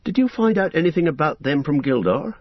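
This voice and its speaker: A man voicing a cheerful, chatty young male hobbit in a high, eager, inquisitive voice while reading an audiobook. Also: big pitch swings, brisk, no room sound. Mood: curious. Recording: dull, dry recording.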